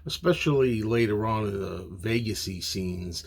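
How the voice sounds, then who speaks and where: A man's voice: fairly low pitch, normal speed, gravelly, husky. A man giving a casual, opinionated spoken movie review, rambling with frequent fillers.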